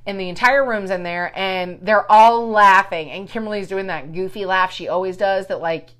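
A woman's voice: medium pitch, moderate pace. A woman co-hosting a podcast, telling a story in casual chat, swearing freely and acting out what people said. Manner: profane, animated storyteller acting out quotes.

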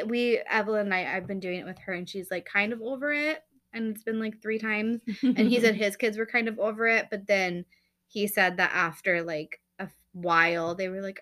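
A woman in her thirties talks through a casual podcast chat, rambling and full of fillers. Her voice is bright and forward, sitting at an ordinary pitch. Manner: chatty, rambling, lots of fillers. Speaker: podcast co-host.

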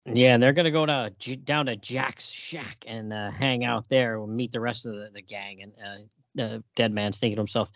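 A man's voice: medium pitch, steady tone, normal speed, a bit bright, no room sound. Dry close man reading comics aloud. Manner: reads comic dialogue aloud in voices, chuckling. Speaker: podcast co-host. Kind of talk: casual comic book review chat.

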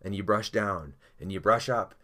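Man playing a patient old karate master, calm and instructive. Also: fairly low pitch, moderate pace.

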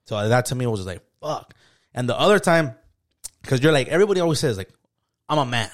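A man's voice: medium pitch, very animated, fast. Slangy profane young man telling stories. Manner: slangy, profane, storytelling with acted-out quotes. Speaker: podcast co-host. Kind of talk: casual chat.

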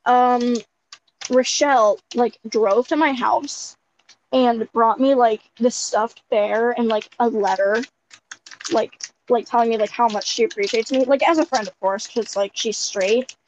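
A high-voiced young woman chats on a podcast, giggling and rambling with constant filler words. The sound is dull and lo-fi, with a faint hiss of noise underneath. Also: fairly even intonation, a little slow. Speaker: podcast co-host. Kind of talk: casual chat.

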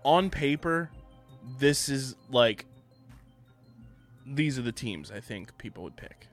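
A man's voice: medium pitch, animated, slow, faint music behind. A young man co-hosting a casual lacrosse picks show, laid-back and joking, swearing now and then. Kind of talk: casual sports chat.

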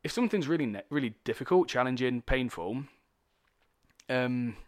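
A man's voice: medium pitch, lively intonation, normal speed. A man talking candidly in a casual podcast conversation, explaining things with plenty of swearing. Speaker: podcast guest.

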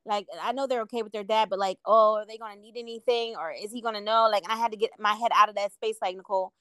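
A woman's voice: mid-range voice, steady tone, fast, sharp tone, clear, resonant tone, dry recording. A woman co-hosting a podcast, talking in a reflective, earnest casual way. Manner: reflective, earnest, many "like" fillers. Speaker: podcast co-host. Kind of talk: casual chat.

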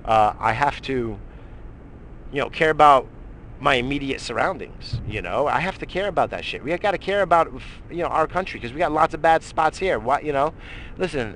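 Middle-aged male radio host, profane rambling rant, slightly high voice, faint noise underneath. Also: expressive, normal speed, fairly bright tone. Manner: heated, swears constantly, rambling with restarts.

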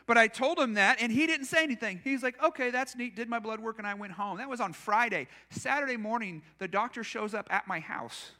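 A man's voice: extremely high pitch, fairly quick, hardly any pauses, bright, forceful tone. A male pastor preaching a sermon in a church, telling personal stories in a conversational, self-deprecating way. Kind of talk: storytelling sermon.

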